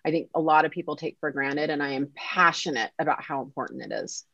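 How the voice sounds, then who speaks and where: Animated woman telling a story on a podcast. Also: deep voice, fast, no room sound. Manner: animated, acts out quoted dialogue. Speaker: podcast guest. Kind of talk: casual storytelling interview. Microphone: podcast mic. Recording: dull lo-fi sound.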